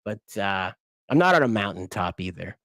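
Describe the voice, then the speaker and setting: A man's voice: on the low side, big pitch swings, moderate pace, a bit bright, dry recording, clean studio sound. A man hosting a casual commentary stream, rambling and swearing with frequent laughs. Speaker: host.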